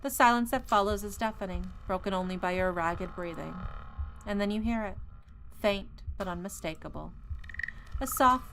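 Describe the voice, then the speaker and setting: A woman reads a horror visual novel aloud at a measured, atmospheric pace, with a mid-range voice. She drops into casual asides now and then, and game music plays clearly behind her. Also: medium pitch, a bit bright.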